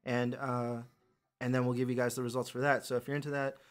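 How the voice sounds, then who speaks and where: A man's voice: mid-range voice, level tone, quick pace. A young man hosting a podcast, chatting casually and telling rambling, profane stories. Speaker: podcast host.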